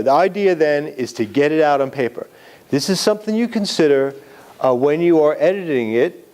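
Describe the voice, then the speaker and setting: A man's voice: a little high, darkish tone. A man giving a live classroom lecture on writing, explaining step by step with examples.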